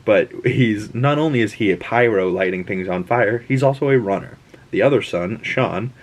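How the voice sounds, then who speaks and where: A man's voice: lowish voice, moderate pace. A man hosting a casual episode breakdown, rambling and chatty with frequent restarts and asides. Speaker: host.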